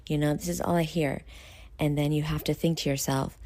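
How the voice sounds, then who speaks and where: Tired woman host from New York, low gravelly voice, rambling and self-critical, casual vlog. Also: brisk, dark tone, dry recording. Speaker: show host. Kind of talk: casual late-night vlog talk.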